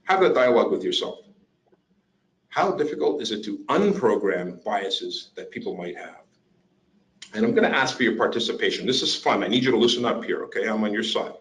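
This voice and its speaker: A man presenting an interactive workshop, animated and coaxing the audience to join in. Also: lowish voice, brisk, poor audio. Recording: online webinar.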